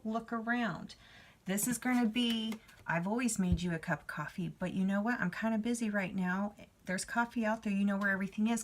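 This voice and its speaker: A woman giving a spiritual card reading, talking to the viewer in a chatty, reassuring way. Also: fairly low pitch. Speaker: tarot reader.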